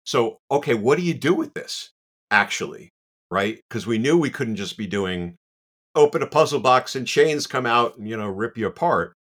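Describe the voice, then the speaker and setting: A man, a guest on the show, telling an anecdote in a casual, animated way with self-deprecating asides and lots of "you know.". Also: mid-range voice, moderate pace.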